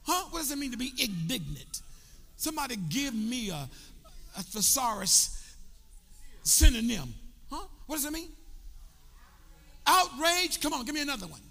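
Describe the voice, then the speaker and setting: A bishop preaching a sermon, drawing call-and-response from his congregation and building from quiet explanation up to shouts. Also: very high-pitched, big pitch swings, moderate pace, vocal fry, long pauses. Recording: long reverb of a large hall.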